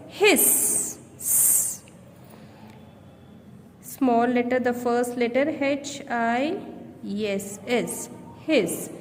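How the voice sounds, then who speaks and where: A woman with an Indian English accent teaching young children, slowly spelling out words letter by letter. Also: sits high, long reverb tail, a little hiss or hum. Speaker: primary school teacher. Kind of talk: slow classroom lesson.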